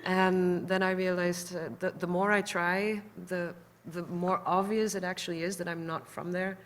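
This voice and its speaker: A woman's voice: fairly low pitch, level tone, normal speed. A woman from the Netherlands with a Dutch accent, speaking on a panel as a musician in a thoughtful, candid, somewhat hesitant way. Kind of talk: panel discussion.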